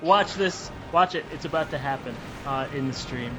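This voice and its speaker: A man's voice: fairly high pitch, normal speed, over music. A man hosting a podcast, chatting casually over gameplay and often restarting his sentences. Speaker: podcast host.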